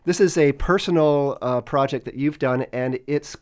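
A man's voice: medium pitch, normal speed. Eager male interviewer. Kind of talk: casual interview talk.

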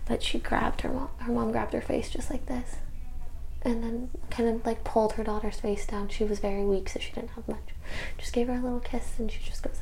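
A woman caregiver telling a personal story in a conversation, often in a hushed, breathy way. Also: medium pitch, flat delivery, moderate pace, poor audio. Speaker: hospice caregiver.

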